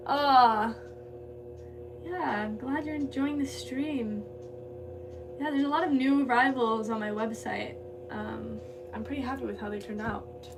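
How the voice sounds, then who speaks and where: A woman ceramic artist chatting casually with her livestream viewers while she works in her studio, scattered and talkative. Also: on the high side. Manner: chatty, scattered, talks to chat while working. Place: pottery studio. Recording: distant mic with clear background noise.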